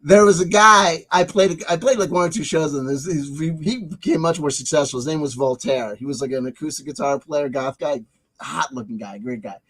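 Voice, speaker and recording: High-voiced man ranting angrily. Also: fairly quick, a bit bright. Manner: angry, profane, mocking. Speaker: commentary channel host. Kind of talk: ranting commentary.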